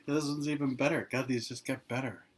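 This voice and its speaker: A man's voice: mid-range voice, breathy edge. A man giving an informal dharma talk as a meditation teacher, speaking loosely with many "you know"s and "like"s and laughing easily between phrases.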